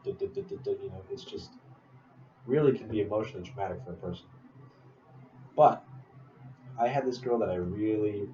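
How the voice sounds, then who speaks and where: Young guy, low voice, rambling story, kinda far off in an echoey room. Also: warm tone, dull audio. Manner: rambling, full of fillers and asides. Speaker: speaker telling a personal story. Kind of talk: casual storytelling speech. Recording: distant roomy mic with noise.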